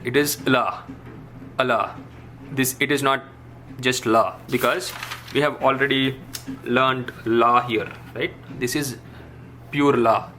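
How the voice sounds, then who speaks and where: A man teaching a language lesson, patiently repeating each syllable and pausing with frequent "uh"s. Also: medium pitch, pushed and bright, slight background noise. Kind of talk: explaining a writing lesson.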